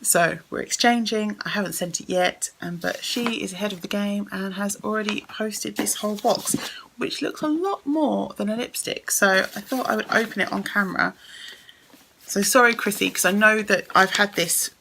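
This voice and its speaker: Bright-voiced woman gushing on camera. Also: medium pitch, normal speed, creaky, a little hiss or hum. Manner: chatty and effusive, gushing thanks. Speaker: beauty vlogger. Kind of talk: casual unboxing chat.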